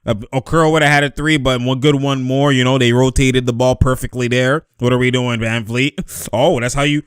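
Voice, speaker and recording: A young man giving excited, animated commentary over basketball highlights, laughing often and shouting at the plays. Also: a little fast, smooth, no room sound, studio quality.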